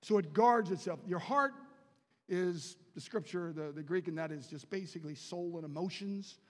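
A man from the Baltimore area preaching a sermon in a chapel, swinging from quiet asides to shouted declarations. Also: high-pitched, normal speed, long reverb tail.

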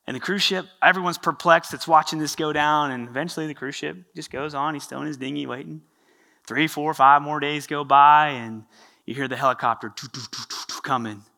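A male pastor giving a sermon, telling a story in an animated, conversational way. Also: a little high, brisk, gravelly.

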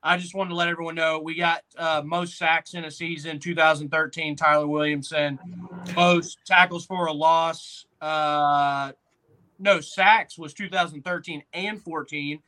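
A man from Tennessee hosts a casual sports podcast. His voice is bright and a bit high, and he jumps from story to story with an excitable, rambling energy. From Tennessee, USA. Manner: excitable storyteller, quick asides. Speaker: podcast host.

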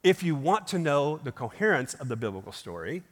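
A man's voice: a little high, sing-song, fairly quick, fairly bright tone. A male pastor delivering a sermon in a church, emphatic and full of rhetorical questions. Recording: long hall reverb.

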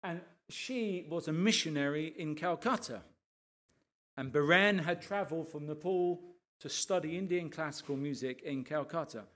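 Lively pastor giving a testimony talk. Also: male voice, on the high side, moderate pace. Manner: lively storyteller who often checks in with the listeners.

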